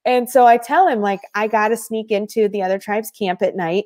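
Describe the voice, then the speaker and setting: A woman as a podcast guest, telling stories in a casual, animated way with frequent laughter. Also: mid-range voice, a little fast. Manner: animated, laughs often mid-story, many fillers. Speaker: podcast guest, former reality show contestant. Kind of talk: casual storytelling chat.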